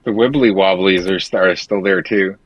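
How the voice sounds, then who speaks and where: A man's voice: low voice, moderate pace. A man playing in a tabletop game, puzzled and asking questions. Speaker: player. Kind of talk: casual tabletop banter.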